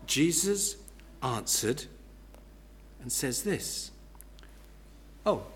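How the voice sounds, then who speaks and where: A man's voice: fairly high pitch, big pitch swings, slow, long pauses, fairly bright tone. A man preaching an expository sermon who explains step by step and repeats key words for emphasis.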